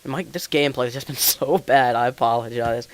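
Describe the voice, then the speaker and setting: Pitched in the middle and talking fairly quickly, a teenage boy runs a relaxed gaming podcast where he rambles about school and leans heavily on fillers. The recording sounds dry.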